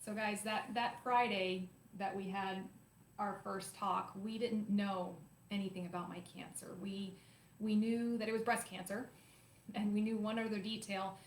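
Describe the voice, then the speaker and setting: A woman in her forties, hosting her own show, telling a personal story to viewers in an animated, emotional, confiding way. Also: mid-range voice, unhurried, slight background noise. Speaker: host. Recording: roomy echo, faint ambience.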